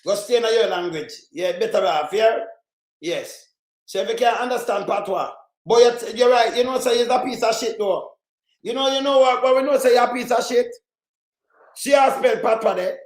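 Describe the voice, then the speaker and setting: A man with a Jamaican accent ranting in heated, crude, repetitive online commentary, shouting at times. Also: very high voice, moderate pace. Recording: roomy echo.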